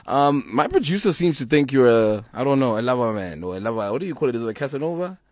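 A man's voice: medium pitch, big pitch swings, fast talker, darkish tone, no room sound. A South African man hosting a radio show, chatting in a playful, teasing way from the studio. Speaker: radio host. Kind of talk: casual radio chat. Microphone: studio mic.

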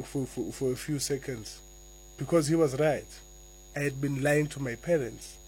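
A man, a guest author answering interview questions and reading slowly and deliberately from his own memoir. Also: medium pitch, slightly rough, rough recording. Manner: soft-spoken, slow and deliberate when reading.

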